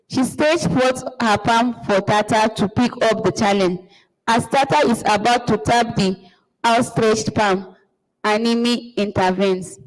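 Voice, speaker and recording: A woman with a Nigerian accent reading a play aloud in a plain, measured way, naming each speaker. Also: a little high. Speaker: marathon read-aloud reader. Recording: long reverb.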